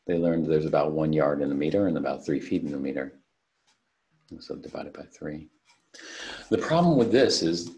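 Extremely low-pitched, creaky and darkish, a man's voice leads a recorded online chemistry lesson. He methodically talks through unit conversions, solving worked problems step by step, and the sound comes from a computer mic on a video call.

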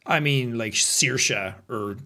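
A man's voice: mid-range voice, slow pace, sharp tone. A young Irish man co-hosting a podcast in casual chat, joking, laughing often and swearing freely. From Ireland. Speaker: podcast co-host.

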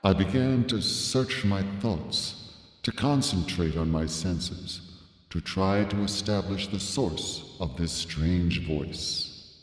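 A man playing a pompous old-time radio drama narrator, with grave, drawn-out delivery in the style of 1940s radio acting. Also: sits low. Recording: roomy reverb with music bed.

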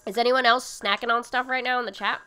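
A woman's voice: fairly high pitch, steady tone, fast, sharp tone, clean tone, soft background music. A woman hosting a cooking livestream, chatting casually with viewers and rambling with lots of fillers. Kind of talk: casual chat reading viewer comments. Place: home livestream setup.

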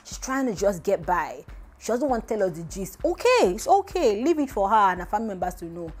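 A woman's voice: animated, fast. Emphatic woman vlogger. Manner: emphatic and rhetorical, voice often jumping up high. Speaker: vlogger host. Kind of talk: casual celebrity gossip commentary.

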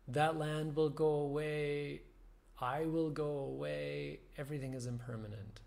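Slow, gravelly-voiced man giving a meditation talk. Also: a little high. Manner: slow, thoughtful, with soft laughs and fillers. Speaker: meditation teacher. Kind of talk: reflective dharma talk.

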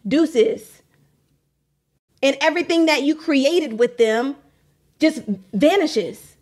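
A woman's voice: sits high, measured pace, darkish tone. A young adult woman hosting a faith podcast, talking candidly in a casual monologue, often repeating phrases and laughing. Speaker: podcast host.

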